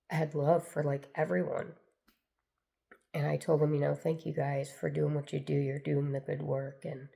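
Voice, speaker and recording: A woman's voice: sits low, vocal fry, warm tone. An older woman telling a personal story to camera in an earnest, meandering way that circles back and repeats itself. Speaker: spiritual storyteller.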